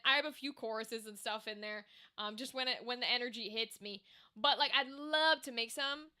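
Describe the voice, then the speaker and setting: A young woman streamer ranting casually to her chat, animated, exasperated and swearing freely. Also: sits high.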